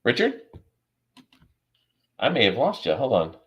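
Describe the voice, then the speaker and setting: A man's voice: sits low, normal speed, fairly bright tone. A man guest on a podcast over a video call, telling an earnest, emotional story and acting out the dialogue. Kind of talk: storytelling in a remote interview.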